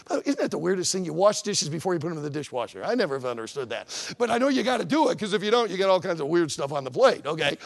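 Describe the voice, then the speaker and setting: Animated, gravelly preacher. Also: male voice, on the high side, quick pace. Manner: animated, folksy, conversational asides. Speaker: pastor. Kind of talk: sermon.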